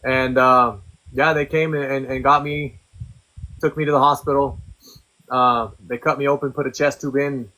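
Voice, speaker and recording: Young adult man, candid and coarse-spoken storyteller, forceful bright tone. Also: medium pitch, level tone, moderate pace, low-quality recording. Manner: profane, blunt, conversational. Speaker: podcast guest.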